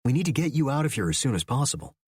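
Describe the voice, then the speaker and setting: A man's voice: medium pitch, big pitch swings, very fast, darkish tone, husky, dry recording, clean studio sound. Man voicing a blunt, urgent adventurer. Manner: firm, urgent, matter-of-fact. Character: confident male archaeologist, blunt and insistent.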